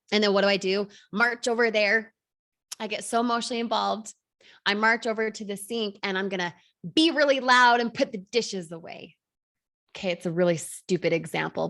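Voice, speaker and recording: A woman in her thirties coaching an online class, energetic, firing rhetorical questions at the audience. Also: mid-range voice. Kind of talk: motivational class talk.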